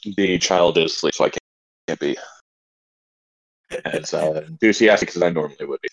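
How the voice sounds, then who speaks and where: A man's voice: a bass voice, normal speed. A man co-hosting a podcast in casual chat, laid-back and swearing casually. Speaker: podcast co-host. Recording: muffled lo-fi mic.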